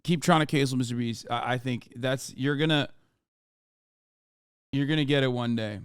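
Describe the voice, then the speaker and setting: A man's voice: mid-range voice, moderate pace, clear, resonant tone, no echo, clean studio sound. A man in his thirties streaming live, ranting in a heated, profane, argumentative way. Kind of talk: livestream reaction rant.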